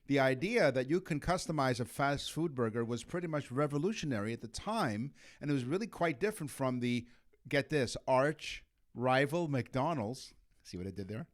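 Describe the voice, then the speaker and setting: Animated, punning male podcast co-host. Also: mid-range voice, fairly quick, few pauses. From Canada. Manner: jokey, reads trivia with puns. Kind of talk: casual chat.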